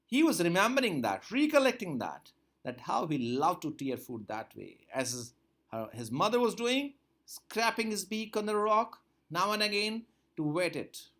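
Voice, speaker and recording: Animated teacher. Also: male voice, high-pitched, normal speed. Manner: reads a line, then repeats and paraphrases it with rising emphasis. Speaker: English teacher. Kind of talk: explaining a textbook chapter line by line.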